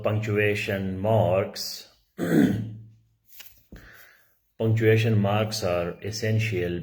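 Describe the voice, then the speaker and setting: A middle-aged male teacher giving a lecture, explaining slowly, repeating key words and often clearing his throat. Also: fairly low pitch. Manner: slow, repetitive explaining with frequent throat clearing; restates key words for emphasis. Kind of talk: lecture on writing.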